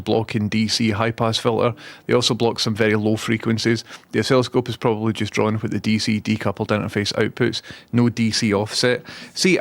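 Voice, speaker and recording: Sweary Scottish man chatting on stream. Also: medium pitch. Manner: chatty, swears freely, self-mocking. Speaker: livestream host. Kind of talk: casual livestream chat.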